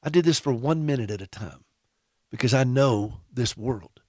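A man's voice: mid-range voice, lively intonation, moderate pace, a little mellow, no echo. A man hosts a radio program for caregivers. He speaks earnestly and casually, restarting his sentences now and then. His voice sits in a middle range and is recorded dry and close in the studio. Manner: earnest, conversational, with frequent restarts. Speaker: radio show host.

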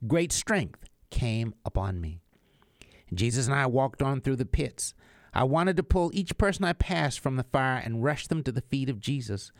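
A man reads a religious book aloud with earnest, pleading emphasis. His pitch moves freely up and down, and the recording is close and dry, without room echo. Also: lively intonation, normal speed. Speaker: audiobook reader.

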